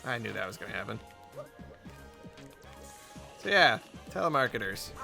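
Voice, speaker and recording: Male gaming host, bright, somewhat high voice, chatty and rambling, faint music behind. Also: big pitch swings, moderate pace, vocal fry. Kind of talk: casual commentary while playing a game.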